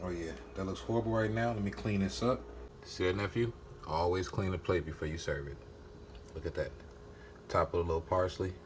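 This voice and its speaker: A deep, steady-toned man jokes with his nephew while guiding him through a home-cooked meal in his kitchen. The cooking vlog is casual and playful, full of stretched-out sounds and quiet asides, set against a noisy background.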